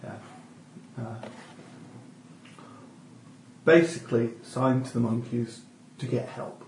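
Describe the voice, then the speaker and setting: A man's voice: medium pitch, unhurried, darkish tone. Cautious, questioning male player. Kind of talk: tabletop game, casual chat. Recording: echoey room with faint noise.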